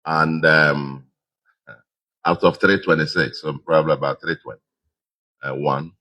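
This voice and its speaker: A middle-aged Nigerian man with a Nigerian accent giving a public address to supporters, measured and repeating phrases for emphasis. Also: very deep voice, fairly even intonation, sharp tone, rough recording. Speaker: governor giving a victory speech.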